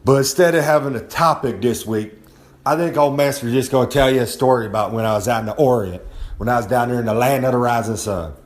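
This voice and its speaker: A man's voice: medium pitch, fast talker. A man cutting a brash, boastful wrestling promo about himself in the third person, recorded on a phone held close to his face at home, sore and hungover. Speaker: wrestler with a regular podcast segment.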